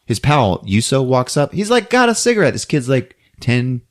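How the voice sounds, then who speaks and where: A man hosting a podcast who recaps a movie in a casual, animated storytelling way. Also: mid-range voice, normal speed. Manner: animated storytelling, acting out scenes. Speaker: podcast host.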